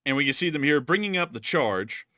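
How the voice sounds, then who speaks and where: A man's voice: a little high, animated, fairly quick, bright, forceful tone, no room sound, studio quality. A man hosting casual war news commentary, explaining footage and cracking jokes as he goes. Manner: joking, laughs often, explains as he goes.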